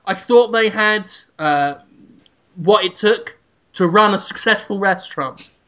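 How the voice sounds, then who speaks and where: Brief: high, brassy shouting chef-gladiator, abrasive and swearing, as a man puts him on; dull lo-fi audio. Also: measured pace. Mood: smug to camera. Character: brash shouting male celebrity chef gladiator.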